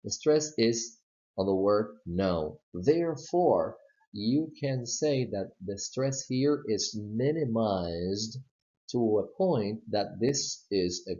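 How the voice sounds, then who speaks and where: A man gives an English pronunciation lesson, explaining stress patterns step by step. His voice sits fairly low and he takes his time. The recording has a dull, slightly muffled quality. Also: lively intonation, mellow. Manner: slow, explaining step by step with spoken examples.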